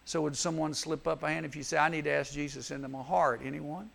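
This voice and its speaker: A man preaching gently and earnestly at a camp chapel, leading a prayer and an invitation. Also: a little high, fairly even intonation, quick pace, vocal fry. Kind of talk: sermon with altar call prayer.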